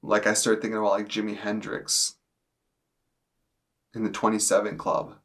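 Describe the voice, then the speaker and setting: A young man in his twenties tells his story straight to camera indoors. His voice sits low and stays fairly even in pitch. He talks casually and haltingly, leaning on lots of "like" fillers. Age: 20s. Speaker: testimony speaker. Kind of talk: personal testimony to camera.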